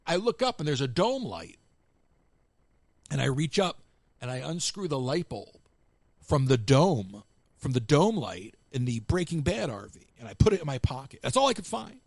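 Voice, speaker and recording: Man, live show host, storytelling, acts out quotes, animated pitch, dry room. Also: normal speed, no room sound. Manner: animated anecdotes, acts out other people's lines. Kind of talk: casual storytelling to live callers.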